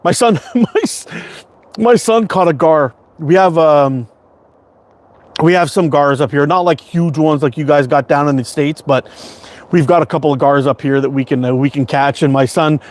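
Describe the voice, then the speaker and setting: A middle-aged man from Canada hosts a casual livestream, talking in a loose, rambling way. He swears freely and laughs often. His voice sits a little higher than most men's. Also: steady tone, normal speed. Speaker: slingshot livestream host.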